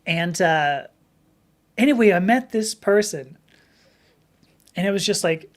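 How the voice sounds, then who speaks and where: A middle-aged woman hosting a live stream, chatting casually with viewers and telling rambling stories. Her voice is a little rough from talking for hours. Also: mid-range voice, lively intonation, slow, pauses often. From Southern California. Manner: rambling, chatty storytelling with many restarts. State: slightly rough voice from long talking.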